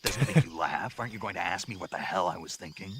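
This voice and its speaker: An actor voicing a gruff, terse veteran soldier spy in a video game. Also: male voice, low-pitched, lively intonation, fast talker, background noise. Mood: puzzled. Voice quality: gravelly, terse. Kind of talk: game voice acting. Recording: game audio under loud ambience.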